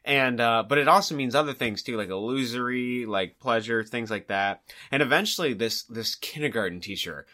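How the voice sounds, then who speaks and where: A man's voice: mid-range voice, moderate pace, hardly any pauses. A man co-hosting a podcast, telling a story in casual chat, saying "like" often and acting out what people said. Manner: animated storyteller, heavy use of "like", acts out quoted people. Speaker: podcast co-host.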